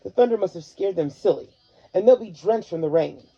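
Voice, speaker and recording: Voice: medium pitch, expressive, a little fast, mellow, dull audio. A reader voicing a grumpy older male explorer who snaps and grumbles at his dogs. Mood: gruff. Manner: gruff, snapping.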